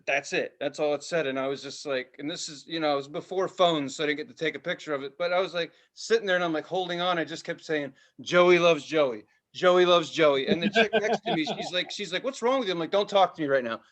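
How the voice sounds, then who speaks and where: A man in his thirties, hosting a casual podcast and telling a story with loud voices and plenty of swearing. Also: a little high, fast, few pauses. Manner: animated, profane, does loud voices in his stories. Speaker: podcast host.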